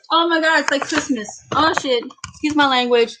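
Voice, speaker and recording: A middle-aged woman vlogging an excited unboxing in her home kitchen, gushing and exclaiming often. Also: high voice, moderate pace, a little hiss or hum, rough recording.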